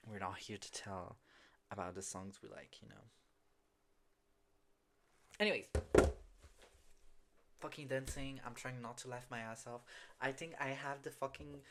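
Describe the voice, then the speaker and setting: Podcast guy, cusses a lot, animated storytelling, mid pitched, into a phone. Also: slight background noise. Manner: profane, animated, laughing at himself. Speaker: podcast host. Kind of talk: casual storytelling.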